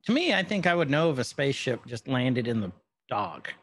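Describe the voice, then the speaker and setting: A man's voice: mid-range voice, big pitch swings, brisk, fairly bright tone. A man co-hosting a podcast, casually recapping an episode and joking around. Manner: joking, playful retelling with quoted voices. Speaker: podcast co-host.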